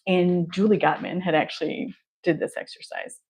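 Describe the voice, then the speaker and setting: A woman's voice: lowish voice, fairly even intonation, normal speed, vocal fry, darkish tone, breathy edge. A woman therapist hosting a podcast, telling a candid personal story in an open, chatty way and laughing often between phrases.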